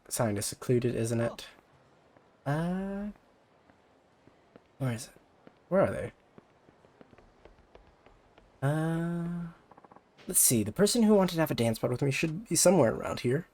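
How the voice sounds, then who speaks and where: A man's voice: on the high side, big pitch swings, a little slow, pauses often, a little mellow, a little hiss or hum. Man commenting wryly while playing. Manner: casual, wry asides. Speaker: game player. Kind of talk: let's play commentary.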